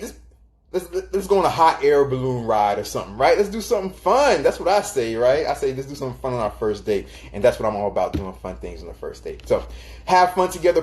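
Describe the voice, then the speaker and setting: A man's voice: mid-range voice, darkish tone. Chatty man hosting a live stream. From Florida, United States. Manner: chatty, greets viewers by name, acts out quoted voices. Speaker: live stream host giving relationship advice. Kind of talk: casual live-stream talk.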